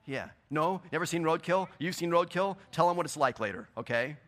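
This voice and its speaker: A man preaching a sermon in a church, swinging between loud, emphatic bursts and quieter scripture reading. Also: a little high, animated, brisk. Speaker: pastor. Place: church sanctuary.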